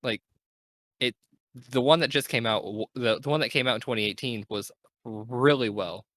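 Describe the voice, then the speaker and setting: A man's voice: medium pitch, normal speed, a bit bright, no room sound. A young man hosting a casual gaming podcast, talking in an enthusiastic, rambling way and correcting himself as he goes. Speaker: podcast host.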